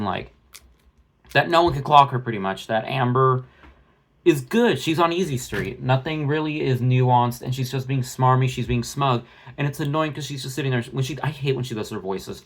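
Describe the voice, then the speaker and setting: Brief: male vlogger, mid-pitched, blunt and profane, rambling restarts, phone-recorded rant. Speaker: drama commentary vlogger. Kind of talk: ranting commentary.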